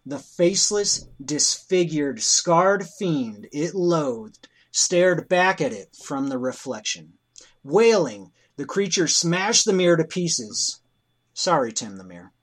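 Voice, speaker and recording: A man co-hosting a podcast, telling an improvised comic story in a deadpan way, full of crude insults. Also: on the high side. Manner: deadpan, drawn-out delivery punctuated with crude insults.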